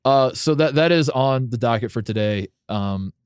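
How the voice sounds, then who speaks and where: A man's voice: mid-range voice, moderate pace, clean tone, dry recording, studio quality. A man hosting a podcast in casual chat, rambling with many restarts and casual swearing. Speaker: podcast host.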